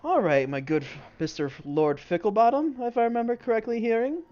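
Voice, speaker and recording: Sam Silverwood, a man doing a smooth ship captain. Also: extremely high pitch, brisk, darkish tone, pitched above the performer's own voice. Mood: persuasive. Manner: polite, negotiating. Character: smooth-talking male ship captain, businesslike. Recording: dull lo-fi sound.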